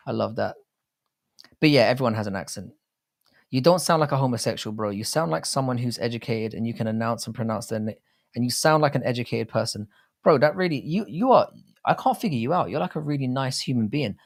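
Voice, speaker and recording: A young man with a mid-range voice hosts a casual livestream chat, reading viewer comments aloud. He over-enunciates his words and swears freely in crude banter.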